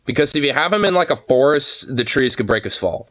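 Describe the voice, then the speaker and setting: A man's voice: on the high side, sing-song, fast talker, few pauses, fairly bright tone. Rambling, profane male streamer. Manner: profane, rambling, heavy on fillers. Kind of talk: casual livestream rant.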